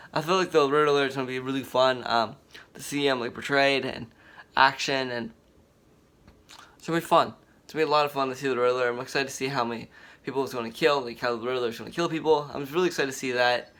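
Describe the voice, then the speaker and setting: A man hosting a casual commentary vlog, talking in an excited, rambling way with many fillers and restarts. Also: medium pitch. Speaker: vlogger.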